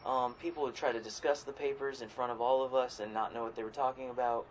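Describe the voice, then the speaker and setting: A man co-hosting a podcast in casual chat, rambling and swearing freely, sometimes jumping into loud quoted voices. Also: mid-range voice, steady tone, fast talker, slight background noise, poor audio. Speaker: podcast co-host.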